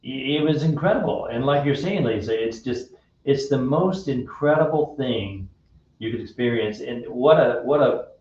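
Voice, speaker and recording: A man hosting a radio show, telling a personal story in a friendly, unhurried way. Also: mid-range voice, expressive, darkish tone. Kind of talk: casual faith-based chat. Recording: echoey room, distant dull mic.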